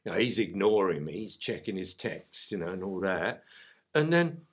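A man's voice: deep voice, sing-song, moderate pace, slightly rough, exaggerated voice. A man voicing a worried young male puppy with a London accent, rambling anxiously about his owner.

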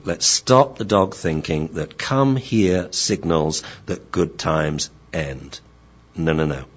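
A radio host, a man who trains dogs, talks in an animated way and acts out little scenes as he explains. His pitch swoops widely and his voice has a slight huskiness. The sound is dull and lo-fi. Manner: animated, explains with acted-out examples. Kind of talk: radio show talk.

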